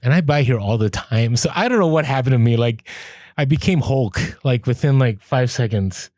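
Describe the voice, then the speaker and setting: Lively man telling a thrifting story. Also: mid-range voice, moderate pace, no echo, clean studio sound. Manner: animated, laughs through stories, acts out quoted lines. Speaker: podcast co-host. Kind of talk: casual storytelling chat.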